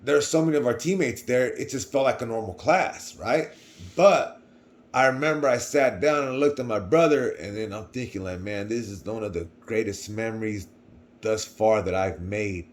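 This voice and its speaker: A young man telling a personal story to camera in a casual, rambling way, often repeating himself. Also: fairly low pitch. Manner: rambling, repeats words, swings between quiet and loud. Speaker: vlogger.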